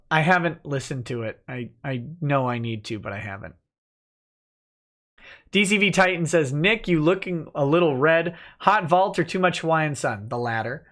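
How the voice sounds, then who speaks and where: A man hosting a casual livestream who reads viewer comments aloud and answers them with dry, joking asides. His voice sits a little high for a man, and his talk is loose and easygoing, sprinkled with "uh". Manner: relaxed and joking, with frequent "uh" fillers. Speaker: lawyer and livestream host.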